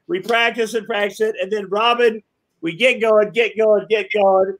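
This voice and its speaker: A man on a podcast as a guest, telling rambling, animated stories, swearing and laughing as he goes. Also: sits high, moderate pace, rough recording. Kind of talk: casual chat.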